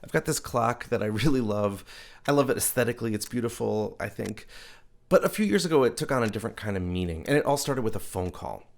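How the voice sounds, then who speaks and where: Gravelly New man telling a story. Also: quick pace. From New York. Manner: animated, jumping to high comic voices for his own inner thoughts. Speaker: host and storyteller. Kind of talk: personal storytelling monologue. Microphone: video call.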